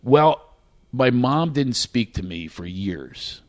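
A comedian guest on a podcast, a man who tells long, winding stories and trips over his own sentences as he goes. His voice sits in an ordinary middle pitch. The recording is close and dry, with no room around it. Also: lively intonation, takes it slowly, dry recording. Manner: rambling, self-interrupting storyteller who acts out other voices. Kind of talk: casual chat, storytelling.

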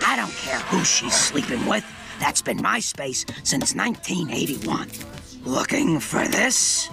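An actor voicing a grumpy middle-aged female office clerk in a cartoon, with a gravelly voice and a gossipy, griping way of talking. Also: lowish voice, big pitch swings, a little slow, heavily acted. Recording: cartoon clip with music behind. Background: music.

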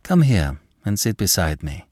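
A gentle noblewoman of the old French court, soft-spoken and coaxing, with a low, lively voice as a male narrator puts her on. The recording is dry and close, like a storybook read in a quiet booth. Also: unhurried, no echo, heavily acted. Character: gentle, affectionate noblewoman, older aristocratic lady.

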